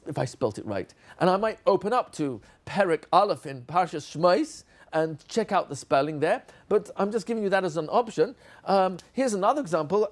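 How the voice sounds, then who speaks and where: A man giving a teacher training session, playfully acting out classroom exchanges with children. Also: high-pitched.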